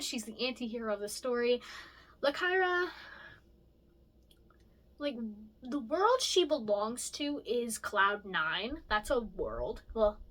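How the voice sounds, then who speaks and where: A young woman chatting casually about her original characters, rambling with lots of fillers and self-corrections and lively jumps in pitch. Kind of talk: casual chat.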